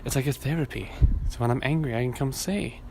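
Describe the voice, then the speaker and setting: Talking fast in a medium-pitched voice against a noisy background, a man hosts a solo podcast rant. He curses freely, rambles casually and laughs at his own stories, all while hot and sweaty.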